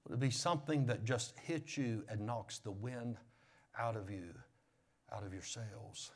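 Preaching man, loud then hushed. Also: fairly low pitch, expressive, moderate pace. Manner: preaching with swings from loud raised emphasis to hushed near-whispers. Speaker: pastor. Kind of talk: sermon.

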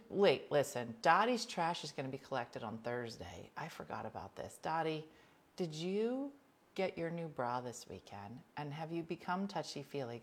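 Blunt chatty woman host, lowish voice. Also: fairly bright tone. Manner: chatty, blunt, jokey, addresses viewers by name. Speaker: livestream host reading viewer comments. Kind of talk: casual chat with viewers.

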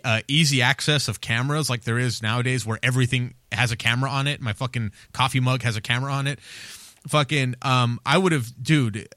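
A man's voice: mid-range voice, a bit bright, no echo, clean studio sound. A man hosting a podcast in loose, casual chat, swearing freely, laughing often and drifting into rambling asides. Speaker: podcast host.

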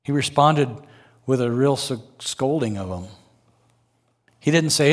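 A man's voice: medium pitch, a little slow, long pauses. An older man preaching a sermon as a guest speaker, earnest, with folksy personal asides and rising emphasis.

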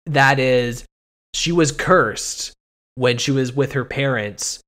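Male podcast host, animated and profane, mock-indignant rants, mid-range voice. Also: medium pitch, slow pace. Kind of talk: casual podcast chat.

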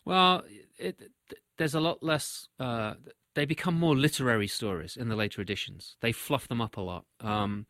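Man of average pitch, easygoing and quick to laugh, dry close recording. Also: no room sound. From Shropshire, England. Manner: relaxed, laughs easily. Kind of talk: casual conversation.

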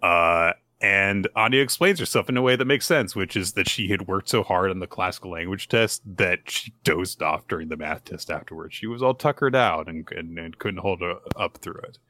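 Podcast co-host, male, chatty recapper who acts out characters' lines, bright voice. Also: low voice, moderate pace, hardly any pauses, dry recording. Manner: restarts and fillers. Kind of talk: casual chat recapping manga chapters.

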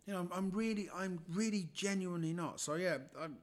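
A man's voice: high-pitched, fairly quick. A man, a comedian guest, telling stories in casual chat and acting out the people he quotes.

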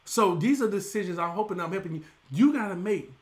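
A middle-aged man, preaching a lively sermon as pastor, tossing questions back to the congregation. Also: high voice, brisk.

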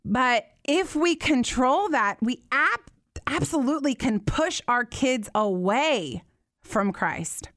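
A woman's voice: high-pitched, animated, takes it slowly, fairly bright tone, no echo, studio quality. A woman in her thirties hosting a live Q&A chat, talking earnestly and animatedly, with lots of fillers. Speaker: host.

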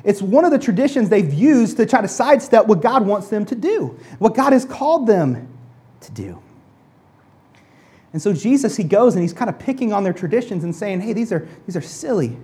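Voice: medium pitch, big pitch swings, moderate pace, dark tone. A pastor preaching a conversational sermon to a congregation, often restarting and repeating words, and acting out people's excuses in mock voices.

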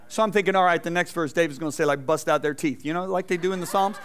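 A middle-aged man preaching a sermon in a church, telling a personal story with animated asides and questions to the congregation. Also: fairly high pitch, racing, hardly any pauses. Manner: animated storytelling, acting out quotes, asking the audience questions. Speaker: pastor. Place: church sanctuary.

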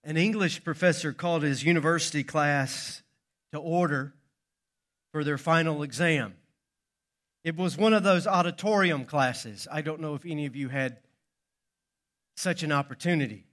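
A man's voice: fairly high pitch, moderate pace, pauses often, fairly bright tone. A male pastor preaching a sermon, telling a story with dramatic pacing.

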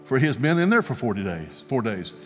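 Male preacher, storytelling sermon, animated, acts out quotes, church hall echo, faint music. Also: mid-range voice, brisk. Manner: animated storyteller, acting out quotes, ending in prayer. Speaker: guest speaker. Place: church sanctuary. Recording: long reverb, music faintly behind.

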